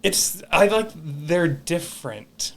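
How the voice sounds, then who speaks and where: A man from California hosting a podcast, chatting in a relaxed way with casual swearing. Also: a little high, slow. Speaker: podcast host. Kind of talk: casual conversation.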